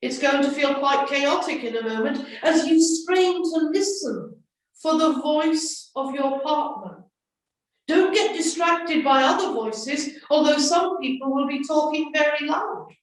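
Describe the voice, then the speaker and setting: A high-pitched woman speaks slowly and gently to schoolchildren, guiding them through an assembly activity. Her voice sits back from the mic in a very echoey room. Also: far from the mic. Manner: slow, gentle instructions to children. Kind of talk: children's assembly talk.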